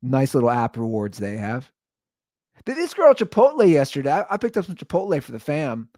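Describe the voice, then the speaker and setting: A man in his thirties or forties hosting a podcast, telling stories in a sarcastic, exaggerated, animated comedic rant. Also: mid-range voice, a little fast, no room sound, clean studio sound. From Anderson Township, Ohio, USA. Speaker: podcast host.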